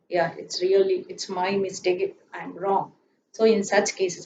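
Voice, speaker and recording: A woman teaching grammar from a chalkboard, slowly repeating her examples and checking in with "isn't it?". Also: medium pitch, darkish tone, recorded from a distance, slight background noise. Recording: echoey room, voice off-mic, slightly dull.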